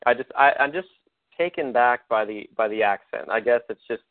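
American podcast host on a tinny line. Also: male voice, mid-range voice, a little fast, no room sound. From United States. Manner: friendly, rambling. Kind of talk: casual interview. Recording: dry, phone-like line.

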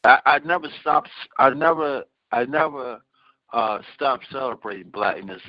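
A man's voice: medium pitch, lively intonation, unhurried, dry recording. Man speaking through a dull, muffled line. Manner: repeats himself, restarts phrases. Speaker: co-host. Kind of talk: casual opinion talk.

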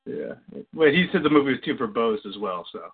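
A man's voice: mid-range voice, animated, brisk, husky. A man co-hosting a podcast, chatting about films, swearing freely and laughing often. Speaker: podcast co-host. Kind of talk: casual film chat. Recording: tinny phone-like sound.

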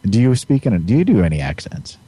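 Rambling, giggly host with a mellow voice. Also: male voice, on the low side, very animated, fast, husky. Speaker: podcast host. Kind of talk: casual chat.

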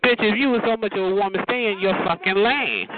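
A man's voice: high voice, brisk. A man trash-talking over a phone chat line in a sassy, taunting manner. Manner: sassy, taunting, repeats "bitch" and "honey". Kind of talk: aggressive phone trash talk. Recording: tinny phone line with loud hiss.

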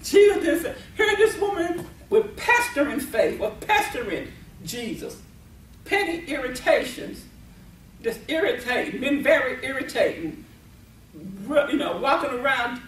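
Woman preacher in a sermon, slow delivery, keeps repeating herself, laughs a lot, roomy far-off sound. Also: high voice, big pitch swings, slight background noise. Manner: emphatic, laughs often, repeats and restarts words. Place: meeting venue. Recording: echoey room, voice from far off.

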